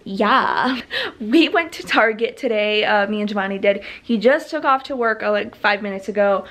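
A woman's voice: fairly high pitch, fairly bright tone. A young woman chatting casually to her camera at home, rambling and often breaking off mid-sentence. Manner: rambling and self-interrupting, trails off mid-sentence. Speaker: vlogger. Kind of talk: casual vlog chat. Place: at home, indoors.

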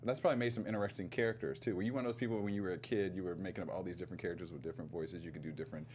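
A man's voice: low voice, steady tone, racing, a little mellow, a little hiss or hum. A man hosting an interview, teasing his guest in a jovial way and laughing along with her. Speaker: interview host. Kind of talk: casual interview chat.

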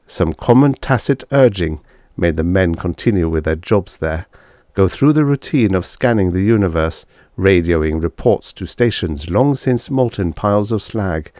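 A man reading a science fiction short story aloud in measured scripted narration. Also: low voice, a little mellow, no room sound, clean studio sound. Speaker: audiobook narrator.

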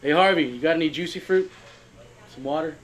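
A man acting in a scripted comedy sketch, talking calmly and then erupting into shouted tantrums at people who are not heard. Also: fairly high pitch, fairly quick. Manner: talks to unseen people on phone and field.

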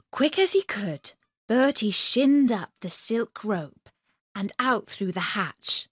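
A woman narrating a children's story for English learners in a clear, expressive way. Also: mid-range voice, no echo, clean studio sound.

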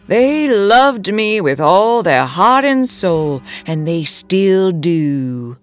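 A woman playing a sultry, menacing cult leader who talks in a slow, teasing, purring drawl. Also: fairly low pitch, sing-song, soft background music, full character voice. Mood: sly. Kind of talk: audio drama acting.

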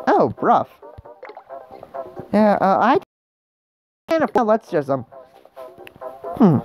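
A woman's voice: mid-range voice, huge pitch swings, takes it slowly, long pauses, darkish tone. A woman giving casual let's-play commentary, chatty and rambling, who mocks herself and talks to the game characters. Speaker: gaming channel host. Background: game music.

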